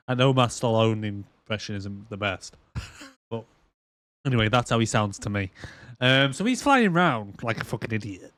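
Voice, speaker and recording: Animated man with a lively voice. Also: mid-range voice, moderate pace, no echo. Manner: animated, swearing, acts out lines in silly voices. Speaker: podcast co-host. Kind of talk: casual chat.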